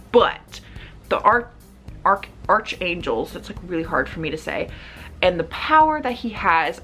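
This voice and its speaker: A woman's voice: on the low side, gravelly, a bit bright. A woman chatting casually as she reviews books to her camera, rambling with lots of "like" and "um". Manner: chatty, rambling, many "like" and "um" fillers. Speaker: book reviewer. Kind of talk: casual book review chat. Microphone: camera mic.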